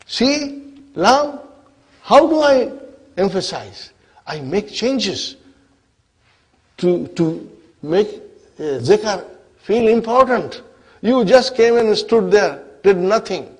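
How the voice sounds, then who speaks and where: A man voicing a boastful, bossy grammar particle, speaking scornfully and emphatically, a little higher than his teaching voice. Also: expressive, measured pace, a little mellow, husky.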